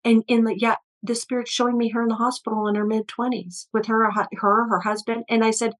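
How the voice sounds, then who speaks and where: A woman's voice: on the high side, level tone, a little fast, hardly any pauses, rough recording. Earnest storytelling woman, healer guest. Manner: earnest, flowing, frequent restarts and "you know" fillers. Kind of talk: conversational storytelling interview.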